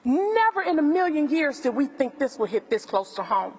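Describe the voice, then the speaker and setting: A woman's voice: high voice, big pitch swings, moderate pace, a little mellow. Emphatic Southern woman with hall reverb. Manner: emphatic, repeats phrases for effect. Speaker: family friend speaking at press conference. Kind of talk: impassioned public speech.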